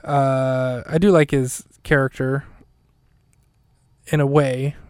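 A man talks through a show recap in a flat, even voice with little rise and fall, wandering and correcting himself as he goes. His tone is smooth and clear, and the sound is close and dry, with no room around it. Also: mid-range voice, takes it slowly, dry recording. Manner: rambling, self-correcting, dry humor. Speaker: podcast host. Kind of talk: casual solo recap.

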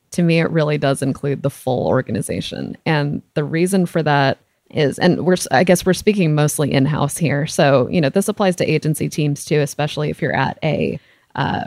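A woman with a low voice talks through her ideas as a podcast guest. She explains at an even, methodical pace with the odd laugh. The sound is dry and close, with no room in it. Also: no echo. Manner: explanatory, steady, occasional laughs. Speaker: guest, SEO director. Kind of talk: podcast conversation.

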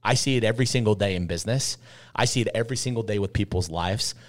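A man's voice: lowish voice, quick pace. A man in his thirties, a podcast guest telling candid stories in an intense, emphatic way, repeating phrases for weight. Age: 30s. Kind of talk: candid conversational storytelling.

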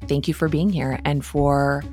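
A woman's voice: deep voice, fairly even intonation, a little slow, dark tone, soft background music. A woman with a Midwestern American accent hosting a solo podcast from her home office, chatting in a casual, self-deprecating way and laughing often. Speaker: podcast host.

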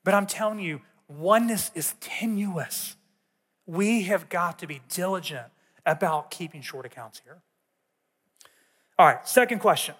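A man's voice: sits high, lively intonation, measured pace, fairly bright tone, slightly rough. A man teaching a sermon in a conversational way, telling personal stories to a church audience. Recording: long reverb of a large hall.

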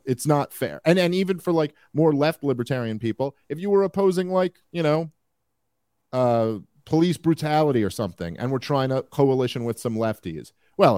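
Rambling, animated male podcast host. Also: medium pitch, no room sound, clean studio sound. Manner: rambling, animated, frequent fillers. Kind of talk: casual political commentary.

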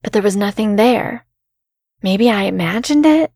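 Slow, gravelly woman narrating horror. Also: mid-range voice, lively intonation, darkish tone, dry recording, studio quality. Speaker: story narrator. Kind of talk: scripted horror story narration.

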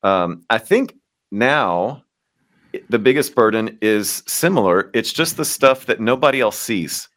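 A man's voice: on the low side, animated, measured pace, fairly bright tone. A man from Kentucky, a lead pastor telling stories in an interview with earnest reflection and easy humor. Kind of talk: storytelling interview answers.

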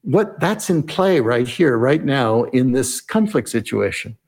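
A man telling a story as an interview guest, explaining in a measured way and voicing his own inner questions aloud. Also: medium pitch, sing-song, darkish tone. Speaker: podcast guest, negotiation expert.

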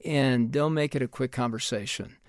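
A man giving parenting advice in a calm, methodical, instructive way. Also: mid-range voice, normal speed, smooth, dry recording, clean studio sound. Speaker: parenting expert.

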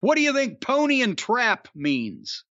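A man's voice: very high-pitched, huge pitch swings, measured pace, fairly bright tone, no echo. A middle-aged man hosting a podcast, chatting casually with profane, rambling storytelling. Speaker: podcast host. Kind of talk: casual chat. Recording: dry, dull lo-fi sound.

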